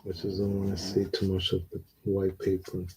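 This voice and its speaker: A man teaching watercolor, talking through his painting in a relaxed, unhurried way with pauses and fillers. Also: sits low, slight background noise, poor audio. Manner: slow, thinking aloud while he paints, with pauses and fillers.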